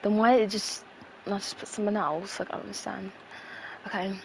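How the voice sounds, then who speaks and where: A woman's voice: mid-range voice, steady tone, fairly quick, gravelly, slight background noise. A woman chatting casually on a livestream, blunt and profane, rambling with fillers.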